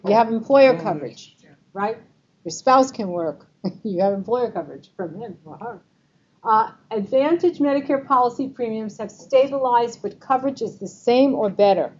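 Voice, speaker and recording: A Medicare advisor with a New York accent runs a seminar in a meeting room before a live audience, chatting casually and testing the crowd with true-or-false questions. Her voice sits a little high and is slightly slow and mellow, with lively intonation. The recording is slightly muffled, with faint room noise.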